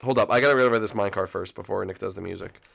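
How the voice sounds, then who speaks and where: A man's voice: lowish voice, rapid-fire, creaky. A man hosting a gameplay channel, chatting casually to viewers and yelping at game moments. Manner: excitable, yelps and shouts at game moments; chatty, talks to viewers as "folks".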